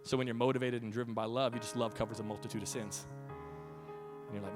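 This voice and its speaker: A man's voice: medium pitch, fast talker, music in the background. A pastor in his thirties preaching a sermon, telling family stories with a voice that carries and acting out quotes. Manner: storytelling with laughs, animated quotes. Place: church sanctuary.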